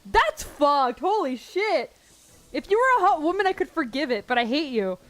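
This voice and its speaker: A young woman streaming a game and reading its story aloud, excitable and swearing often. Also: sits high, moderate pace.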